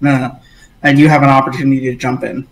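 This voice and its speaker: A man's voice: medium pitch, flat delivery, rapid-fire, reverberant, rough recording. A man narrating as game master, rambling with many fillers.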